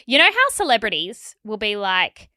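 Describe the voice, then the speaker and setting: Animated, bright woman. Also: mid-range voice, normal speed, dry recording, clean studio sound. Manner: wry, animated reactions. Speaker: podcast co-host. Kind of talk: casual chat.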